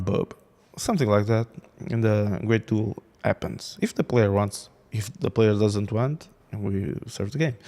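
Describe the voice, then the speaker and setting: A man's voice: mid-range voice, a little mellow. A man in a casual game commentary, rambling with many restarts and laughing at his own jokes. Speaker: gaming video creator.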